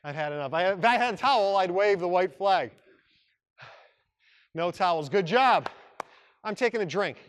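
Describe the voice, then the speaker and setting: Upbeat, joking fitness instructor. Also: male voice, high voice, animated, moderate pace, pauses often, smooth. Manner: upbeat, joking, breaks off mid-sentence. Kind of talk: coaching a workout class. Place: exercise room.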